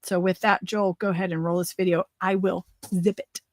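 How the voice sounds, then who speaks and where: A woman in her forties hosts a political livestream talk show, talking in an energetic, rambling, conversational way while losing her voice. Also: lowish voice, brisk, dry recording. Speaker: host.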